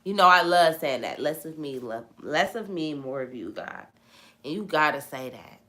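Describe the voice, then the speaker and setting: A young woman with a bright, forceful tone and a slightly low pitch talks through scripture in a relaxed live-stream chat. She preaches in an animated way, circling back to the same lines for emphasis. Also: normal speed. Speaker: host of a live Bible chat. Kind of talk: casual live-stream Bible talk, reading viewer comments.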